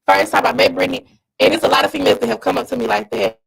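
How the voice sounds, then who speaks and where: A woman co-hosting a podcast, telling a story in a blunt, animated, profane way. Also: on the high side, racing, vocal fry, slightly rough, poor audio. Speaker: podcast co-host and dog breeder. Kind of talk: casual storytelling.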